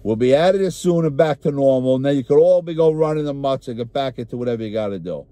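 A man's voice: medium pitch, animated, fast, warm tone, no room sound. A man with a New York accent doing a comic, profane rant to camera, sounding exasperated.

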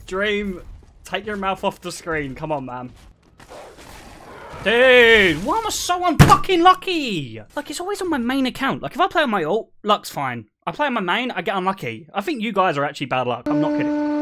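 A man in his twenties with a sharp, fairly high voice and a slight hiss or hum streams a game while chatting casually with viewers. He teases and jokes with them, laughing often.

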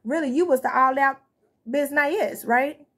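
A woman's voice: high-pitched, moderate pace, fairly bright tone. A woman giving a casual tarot reading to her viewers, blunt and chatty, swearing freely and calling them y'all and honey. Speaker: tarot reader.

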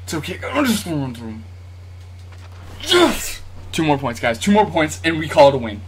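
An excitable man commentates his own basketball video game, his somewhat high voice leaping up and down in lively swings. He talks directly to his viewers, lurching from sudden yelps to nervous muttering under his breath. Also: moderate pace, a little hiss or hum. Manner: talks straight to viewers, asks for likes. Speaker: YouTube gamer.

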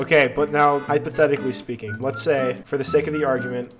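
A man hosting a gaming video, bantering casually with friends in a playful, mock-serious way with bursts of excited yelling. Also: mid-range voice, fast talker, few pauses, over loud music.

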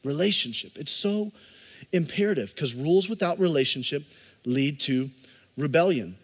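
Male pastor, thirties, higher-pitched voice, passionate sermon delivery, long church-hall reverb. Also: lively intonation, normal speed. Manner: impassioned preaching that swings from loud emphasis to soft, intimate asides. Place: church sanctuary.

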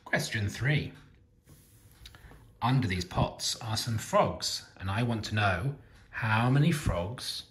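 A man teacher asking young children maths quiz questions in a slow, sing-song way. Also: lowish voice, expressive, fairly bright tone. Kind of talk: early years maths quiz video. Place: home kitchen. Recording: roomy echo.

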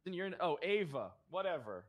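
Brief: young man, sheriff roleplay, loud profane bluster, slightly high and very animated delivery. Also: fairly quick. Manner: brash, profane, mock-aggressive ranting. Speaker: roleplay streamer playing a sheriff. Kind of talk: improvised game roleplay.

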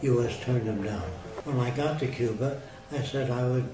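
A man's voice: medium pitch, normal speed. Blunt storytelling man, distant roomy sound. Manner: blunt, anecdotal, plain-spoken. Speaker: interviewee. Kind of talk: casual storytelling. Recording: roomy, distant mic with music underneath.

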